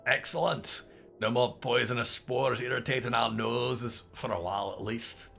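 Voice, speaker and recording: A man reading out the lines of a small, nostalgic creature merchant who is shrewd about prices, in a measured, wistful way. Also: medium pitch, fairly even intonation, vocal fry, pushed and bright, soft background music. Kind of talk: reading game dialogue aloud.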